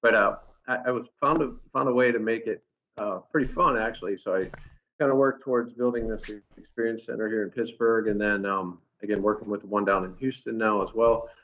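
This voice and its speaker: A man's voice: lowish voice, a little fast. Engineer guy telling a story, lots of restarts, kinda muffled lo-fi sound. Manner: animated anecdote-telling with frequent restarts. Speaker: engineer at a company experience center. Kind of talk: casual storytelling in a recorded talk. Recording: dull lo-fi sound.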